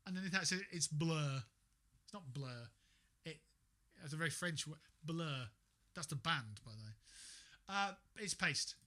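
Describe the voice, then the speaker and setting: A man streams a game and muses out loud, sarcastic and quick to swear as he talks to himself. His voice sits high and bright, with a sharp edge, and his pitch jumps around a lot. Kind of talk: casual gaming livestream chat.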